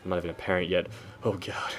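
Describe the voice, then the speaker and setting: Young man, low-pitched, rambling and preachy, self-correcting, faint background noise. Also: flat delivery, fast talker. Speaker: video commentator. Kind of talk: casual spoken commentary.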